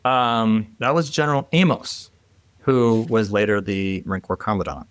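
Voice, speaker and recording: A middle-aged man, a former military helicopter pilot, telling a war story as a podcast guest in a casual, animated way, laughing and restarting often. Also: lowish voice, moderate pace, smooth, no room sound.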